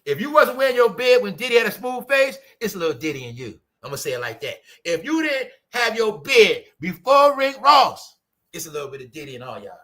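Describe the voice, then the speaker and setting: A man hosting his own commentary channel, ranting in a loud, mocking, repetitive way with slang. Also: sits high, big pitch swings, brisk.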